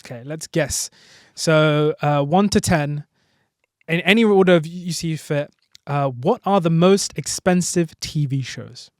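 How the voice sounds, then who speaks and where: A man hosting a casual podcast quiz, reading out lists briskly and laughing along. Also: fairly high pitch, no room sound, studio quality. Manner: quizzing, reads lists briskly. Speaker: podcast host.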